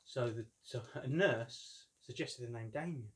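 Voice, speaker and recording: A man of about fifty, chatting casually and telling jokey stories as he unboxes a collectible. His voice sits at a plain mid pitch, and he rambles with easy humour. The sound comes from a camera mic indoors at home. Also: normal speed, fairly bright tone. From London, England. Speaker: collector reviewing a figure.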